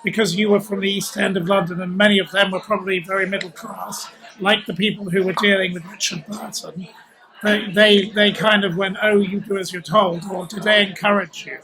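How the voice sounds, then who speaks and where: A man's voice: high voice, flat delivery, brisk, a crowd in the background, low-quality recording. A man interviewing a guest over dinner at a restaurant, asking eager, leading questions. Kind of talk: conversational interview.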